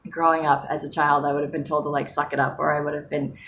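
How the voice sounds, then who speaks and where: Low-voiced woman rambling to camera, lots of ums and little laughs, faint hiss behind. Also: little pitch movement, fast talker. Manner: chatty and rambling, with frequent fillers and soft laughs. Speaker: vlogger. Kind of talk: casual personal vlog.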